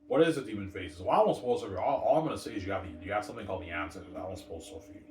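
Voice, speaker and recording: Deep-voiced man rambling in an echoey room. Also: very fast. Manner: rambling, repeats "obviously" and "man", acts out lines from his story. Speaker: author talking about his own book. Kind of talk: rambling casual monologue. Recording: echoey room, mic far off, noisy.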